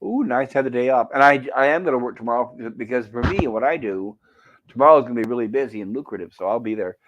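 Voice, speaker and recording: A man's voice: medium pitch, fast talker. Chatty man on a dull lo-fi line. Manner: chatty, many restarts and asides. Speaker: chat-reading co-host on a game stream. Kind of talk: casual rambling chat.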